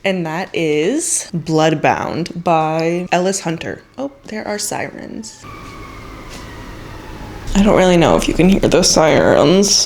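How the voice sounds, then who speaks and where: Young woman, 20s, casual enthusiastic book vlogger, lower-pitched. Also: darkish tone. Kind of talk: casual vlog chat. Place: at home.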